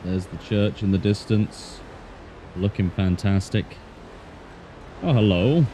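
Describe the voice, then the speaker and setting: A man's voice: deep voice, flat delivery, unhurried, mellow, slight background noise. A man streaming a game with casual, playful, self-mocking chat in a put-on Australian accent. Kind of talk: casual gameplay commentary.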